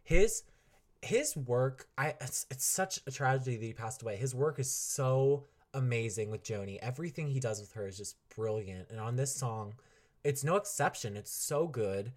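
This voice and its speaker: A man's voice: mid-range voice, animated, normal speed. A young man hosting a music podcast, talking casually and enthusiastically with lots of fillers and laughs. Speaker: podcast host reviewing an album. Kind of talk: casual solo podcast talk.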